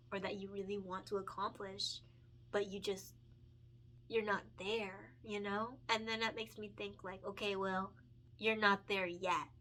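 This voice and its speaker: Bright-voiced chatty young woman. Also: mid-range voice. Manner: chatty, earnest, many fillers and self-corrections; emotional and encouraging, laughs often. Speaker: picture book illustrator and author. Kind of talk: casual chat while coloring.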